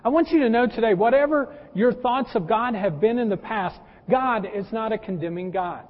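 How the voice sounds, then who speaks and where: Male pastor, high-pitched, folksy storytelling sermon; lo-fi sound with long church reverb. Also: moderate pace. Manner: folksy, addresses listeners as folks; personal anecdotes and humor. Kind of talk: conversational sermon. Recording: dull lo-fi with long hall reverb.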